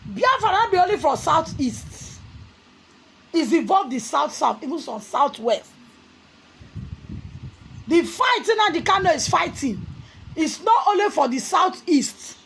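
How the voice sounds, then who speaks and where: A Nigerian woman vlogger giving impassioned political commentary, scolding her targets and often breaking into shouts. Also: extremely high pitch, big pitch swings, measured pace, vocal fry, pauses often, a little hiss or hum, rough recording.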